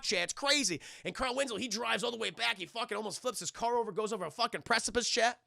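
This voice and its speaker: A man streaming a profane, animated recap of a movie, often addressing his live chat. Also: extremely high pitch, fast talker, gravelly, few pauses, no room sound, clean studio sound. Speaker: streamer and film reviewer.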